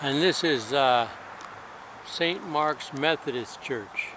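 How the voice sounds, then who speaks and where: A man's voice: on the high side, slow, noisy background. A man traveling on horseback, talking outdoors in a rambling, hesitant, wry way for his travel diary. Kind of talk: casual spoken travel diary.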